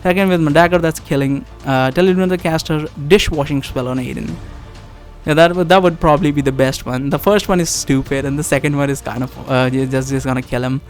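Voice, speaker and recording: A man's voice: fairly high pitch, steady tone, a little fast, faint music behind. A man reading a text adventure game aloud in first person, with asides, laughs and restarts.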